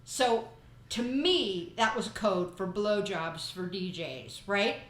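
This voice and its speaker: A woman's voice: medium pitch, animated, slow pace, a bit bright, reverberant, low-quality recording. A woman hosting a podcast, talking in a chatty, rambling way and telling stories casually. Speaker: podcast host. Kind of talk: casual chat.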